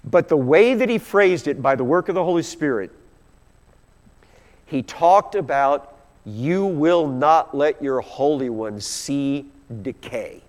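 A man's voice: on the high side, lively intonation, takes it slowly, darkish tone. A man preaching a sermon, explaining scripture verse by verse and reading passages aloud with growing intensity. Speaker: pastor. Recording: long hall reverb.

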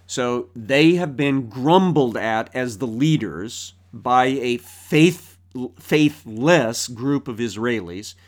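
A man's voice: mid-range voice, expressive, takes it slowly. A man teaching through a Bible passage verse by verse, explaining in a thoughtful way with frequent fillers.

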